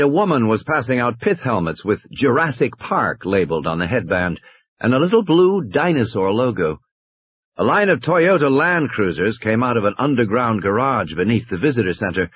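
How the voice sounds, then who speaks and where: Husky man reading a novel aloud. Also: no echo, highs cut off. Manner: lively, with big pitch swings for quoted speech. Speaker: audiobook reader. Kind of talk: amateur audiobook narration.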